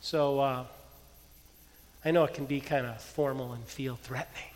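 Animated pastor preaching in a reverberant hall. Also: male voice, medium pitch, normal speed. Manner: animated storytelling, dropping to soft prayer. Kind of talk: sermon. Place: church hall.

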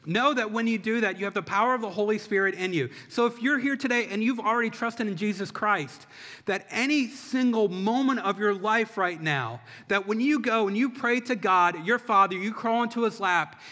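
A man's voice: high voice, pushed and bright. A man preaching a sermon as a pastor, impassioned, with rhythmic repetition. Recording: long hall reverb.

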